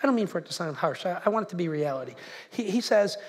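Animated high-voiced man preaching. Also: fast talker. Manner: conversational, animated, shouts acted-out quotes. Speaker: pastor. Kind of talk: sermon. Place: church sanctuary.

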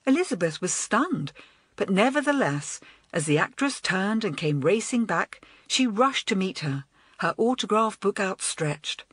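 Lively woman narrating a children's book. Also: mid-range voice, unhurried, slightly rough, no room sound. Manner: expressive, animated. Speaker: audiobook narrator.

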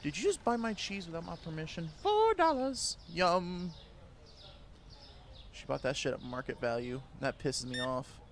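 A young man giving casual, sarcastic gameplay commentary, swearing a lot and yelling at the customers in the game. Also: on the high side, moderate pace, slight background noise. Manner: jumps between mutters and loud outbursts. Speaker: gaming video creator.

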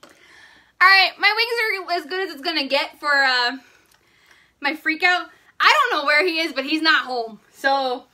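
Young female makeup vlogger, casual live chat; high, animated, bright voice, panicky edge. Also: unhurried. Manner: jittery, panicky, laughing between lines.

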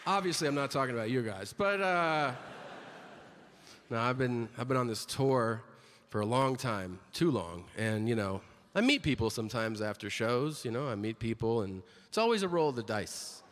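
Animated stand-up comic man on stage. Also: mid-range voice, moderate pace, long reverb tail, some chatter behind. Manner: animated storytelling, acts out characters. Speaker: stand-up comedian. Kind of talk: stand-up routine.

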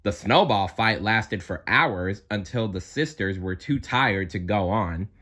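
Animated man reading a storybook. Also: lowish voice, unhurried, husky.

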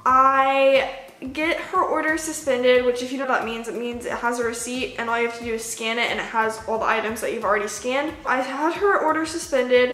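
A young woman with a high, bright-toned voice chats her way through a storytime vlog. She is animated and lively, slipping into the voices of the people she quotes. The room around her is noticeably echoey. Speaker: vlogger. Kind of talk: casual storytime.

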